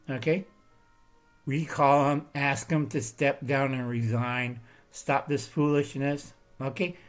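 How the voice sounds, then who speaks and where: Rambling emphatic man hosting a commentary. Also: mid-range voice. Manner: emphatic, repeatedly checks in with "Okay?" and "All right?". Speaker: channel host. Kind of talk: rambling political commentary monologue.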